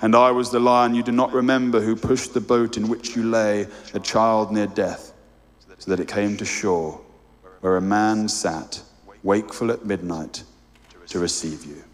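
A man voicing a huge ancient lion with a large, deep voice, speaking slowly and gravely as he reads aloud. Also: fairly even intonation, close to an everyday voice. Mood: solemn. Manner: slow, grave, measured. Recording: long hall reverb.

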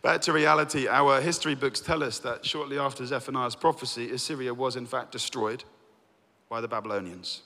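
Guy teaching bible, bright forceful voice, long echo. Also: mid-range voice, brisk. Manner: lively storyteller, reads scripture aloud. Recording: long reverb.

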